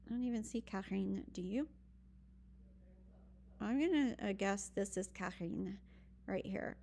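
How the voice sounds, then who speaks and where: A woman's voice: mid-range voice, a little slow, creaky, mellow, slight background noise. A woman teaching a recorded online French lesson, patient and explaining step by step with frequent ums. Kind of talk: recorded virtual lesson walkthrough.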